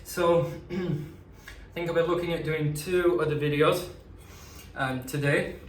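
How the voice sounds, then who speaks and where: A man's voice: on the high side, steady tone, takes it slowly, slight background noise. A man coaching a home leg workout, encouraging and casual, out of breath by the end. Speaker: fitness coach. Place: indoors at home. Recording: echoey room, mic at a distance.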